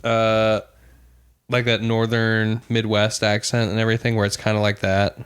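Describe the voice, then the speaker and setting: A man co-hosting a podcast in casual chat, often pausing and searching for words. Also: on the low side, monotone, a bit bright, clear, resonant tone. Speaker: podcast co-host.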